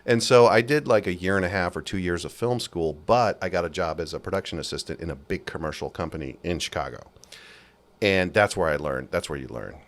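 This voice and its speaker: A man's voice: sits low, fairly quick. A man guest on a podcast, telling his stories casually and animatedly, acting out the people he quotes. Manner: animated, acts out quoted bosses in raised voices. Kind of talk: casual storytelling. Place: based in Las Vegas.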